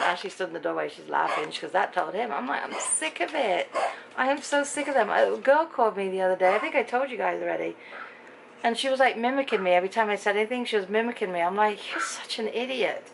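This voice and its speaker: A woman's voice: medium pitch, gravelly, noisy background. A middle-aged English woman from Britain, telling a story in a chatty, exasperated way in a casual vlog at home. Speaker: vlogger. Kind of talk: casual chat to camera. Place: home bedroom.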